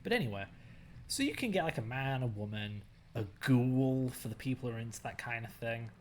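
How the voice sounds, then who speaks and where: A young man chatting casually while streaming a game, animated and jokey, ranting and mocking himself. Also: mid-range voice, a little fast, a little hiss or hum. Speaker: stand-in streamer. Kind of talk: casual gameplay stream chat.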